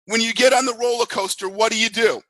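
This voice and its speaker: A man giving a motivational talk as a network marketing mentor, telling stories in an animated way and acting out screaming riders. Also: very high voice, quick pace, no room sound, rough recording.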